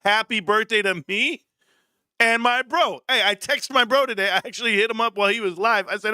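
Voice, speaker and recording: A man's voice: high-pitched, fairly quick, pushed and bright, dry recording, studio quality. A man in his forties hosting a casual livestream rant, joking and mocking with frequent laughs. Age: 40s. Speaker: livestream host.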